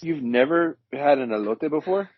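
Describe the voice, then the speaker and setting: A man joining a casual sports podcast, tossing in quick jokes and asides. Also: a little high, expressive. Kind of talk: casual chat. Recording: dull lo-fi remote audio.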